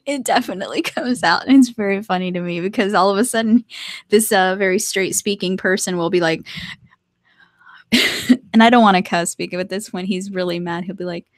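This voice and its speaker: A young woman chats to her viewers from her art desk at home, chatty and quick to laugh between sentences. Her voice sits at an average pitch, and the sound is dry and close with no room echo. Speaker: artist live-streaming to viewers. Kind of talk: casual live-stream chat.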